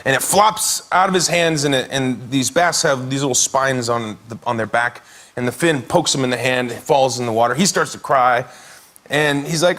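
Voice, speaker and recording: A man's voice: medium pitch, normal speed, fairly bright tone. A man in his thirties telling a rambling anecdote as a chat show guest, with laughs and restarts. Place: television studio with audience. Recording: audience laughter and noise behind.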